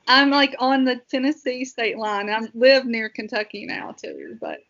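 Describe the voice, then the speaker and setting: Brief: Southern-accented woman co-host, high voice, casual and self-mocking, dull lo-fi recording. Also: unhurried, creaky. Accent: Southern US (Appalachian Virginia). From Southwest Virginia, US. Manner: animated, laughing, self-deprecating. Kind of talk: casual chat. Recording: dull lo-fi sound.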